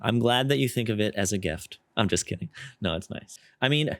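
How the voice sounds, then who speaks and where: A male podcast host talks casually with his guest, earnest and self-deprecating, his thoughts running on. His voice sits a little low. The recording is dry and close. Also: lively intonation, fairly quick, gravelly, a bit bright, no echo. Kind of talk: casual interview chat.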